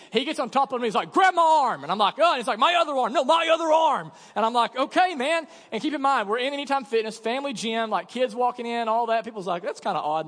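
A young adult man preaching a sermon in a church, telling a jokey story and acting out the dialogue in an animated way. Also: very high-pitched. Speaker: pastor. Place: church hall. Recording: long church reverb.

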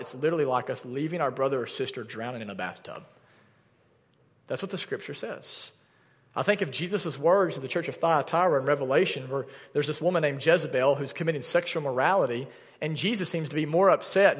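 A man's voice: fairly high pitch, long reverb tail. A young adult man preaching a sermon as pastor, addressing the congregation directly and earnestly. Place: church sanctuary.

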